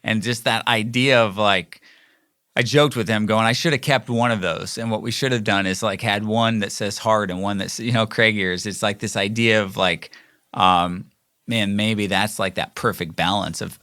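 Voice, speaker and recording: A middle-aged man, hosting a podcast and telling a rambling, animated story with lots of fillers and restarts. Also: lowish voice, moderate pace, dry recording, clean studio sound. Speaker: podcast host. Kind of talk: casual storytelling monologue.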